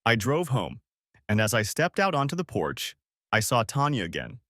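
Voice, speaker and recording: A man's voice: medium pitch, wildly swooping pitch, normal speed, fairly bright tone, no echo, studio quality. A man narrating a dramatic first-person audiobook story in a scripted reading.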